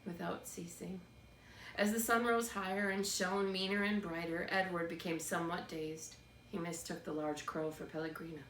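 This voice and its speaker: A woman narrating a children's book in a steady, expressive read-aloud. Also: lowish voice, normal speed. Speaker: storybook reader. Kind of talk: scripted narration. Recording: roomy, distant mic, faint background noise.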